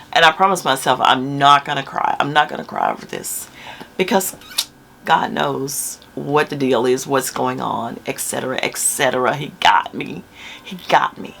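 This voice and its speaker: An older woman speaks straight to her viewers in a heartfelt home vlog, her voice low-pitched and gravelly. She moves between hushed, near-whispered lines and emphatic bursts. Soft music plays faintly underneath. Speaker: YouTube content creator. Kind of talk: emotional vlog to camera.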